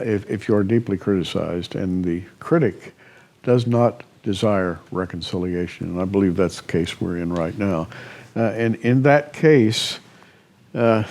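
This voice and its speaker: A man co-hosting, speaking in a calm, reassuring and faith-filled way. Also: on the low side. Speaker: co-host. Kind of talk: casual talk.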